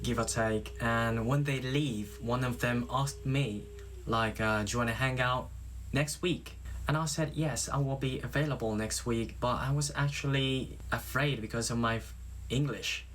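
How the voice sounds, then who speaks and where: A man's voice: medium pitch, steady tone, a little slow, a bit bright. Man telling a story in careful English, faint noise. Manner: careful non-native storytelling. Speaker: language learner in a practice clip. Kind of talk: storytelling pronunciation practice.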